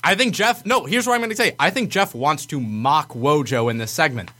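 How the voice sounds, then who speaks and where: Man, podcast co-host, bright tense voice, a bit high, excitable banter. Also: fairly quick. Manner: excitable, talks himself through guesses. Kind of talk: casual sports banter.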